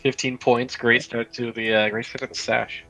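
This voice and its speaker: A man's voice: mid-range voice, flat delivery, moderate pace, vocal fry, fairly bright tone, soft background music, low-quality recording. A man playing a tabletop game, making wry remarks and describing his character's actions. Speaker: player. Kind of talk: casual tabletop play.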